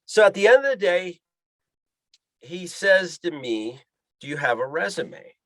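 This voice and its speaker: Lively storytelling man, slightly high voice. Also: unhurried, no room sound. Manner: acts out voices in quoted dialogue. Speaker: guest, pilot and fishing guide. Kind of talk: animated storytelling.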